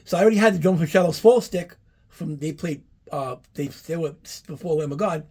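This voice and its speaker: A man talks to camera in a casual, rambling way. He swears often and gets animated as he tells his anecdotes. His voice sits a little higher than most men's. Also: a little fast, breathy edge. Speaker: collector giving a room tour.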